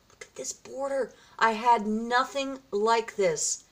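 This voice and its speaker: A woman's voice: mid-range voice, a little slow. A woman vlogging casually as she opens gifts, effusive and gushing, often gasping and exclaiming. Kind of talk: casual vlog, opening gifts from a viewer.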